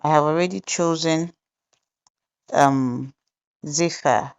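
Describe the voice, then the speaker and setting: A woman hosting a software tutorial, explaining each step deliberately and pausing with fillers as she goes. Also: low voice, clean tone, dull audio. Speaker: tutorial host. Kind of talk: screen-recorded software tutorial narration.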